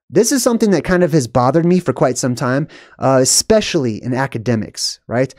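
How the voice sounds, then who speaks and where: A man's voice: medium pitch, animated, fairly quick, a little mellow, no room sound, clean studio sound. A man hosting his own video, talking through a film in a rambling, emphatic way with frequent fillers and short laughs. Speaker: video host. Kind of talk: casual monologue.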